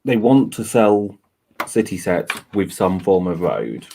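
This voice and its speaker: A co-host on a home livestream talks casually while building, his low, gravelly, dark voice unhurried and sing-song. He explains at length and leans on "you know" a lot, with faint noise in the background.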